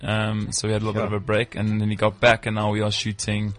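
A man's voice: on the low side, monotone, quick pace, a bit bright. A man, a band member guest on a radio show, talking loosely and laughing at himself. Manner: rambling, self-conscious laughing. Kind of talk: casual radio interview.

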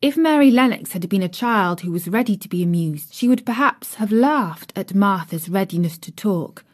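A woman's voice: mid-range voice, expressive, normal speed. Woman reading a classic novel aloud. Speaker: audiobook reader. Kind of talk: scripted narration of a classic novel.

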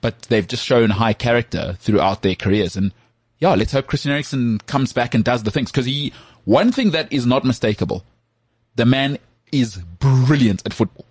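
Husky-voiced man chatting about football. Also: medium pitch, no room sound. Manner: animated, jokey, does quick impressions of others. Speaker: podcast co-host. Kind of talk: casual sports chat.

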